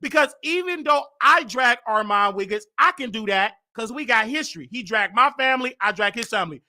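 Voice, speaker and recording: A man hosting his own show, telling gossip in a casual, animated way, emphatic and full of repeated words. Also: very high-pitched, brisk. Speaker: host.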